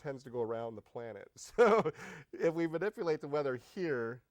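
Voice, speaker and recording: A man guest-hosting a talk show, interviewing a guest in an excitable, halting way with frequent laughs. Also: medium pitch, dry recording, clean studio sound. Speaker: guest host. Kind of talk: casual interview.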